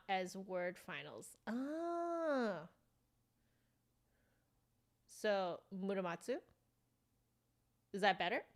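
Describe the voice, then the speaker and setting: Woman livestream host, unhurried, chatty, lots of fillers and laughs. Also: mid-range voice. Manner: chatty, giggly, reads chat aloud; fillers, self-correcting. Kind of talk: casual livestream chat.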